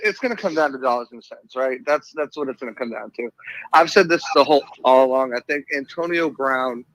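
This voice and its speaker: A man with a Boston accent, a guest writer talking sports in a measured, laid-back way. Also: medium pitch, a bit bright, low-quality recording. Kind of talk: casual sports talk.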